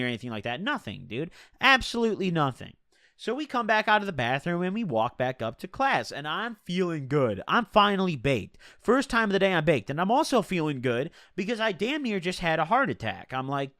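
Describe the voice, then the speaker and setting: A young man spins a casual story with plenty of slang and swearing. His voice sits fairly high for a man and leaps around in pitch. The sound is close and dry. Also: sing-song, fairly quick, fairly bright tone, dry recording. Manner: slangy, profane, chatty. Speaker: vlogger telling a personal story.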